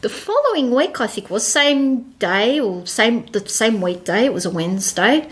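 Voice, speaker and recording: A woman, a podcast guest telling a personal story in a casual, animated way. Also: a little high, moderate pace, hardly any pauses. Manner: animated, acts out quoted dialogue.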